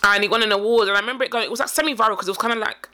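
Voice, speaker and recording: A woman's voice: fairly high pitch, racing. A woman, co-hosting a podcast in casual chat, telling stories and acting out the voices of people she quotes. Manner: animated storyteller, acts out quoted voices. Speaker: podcast co-host.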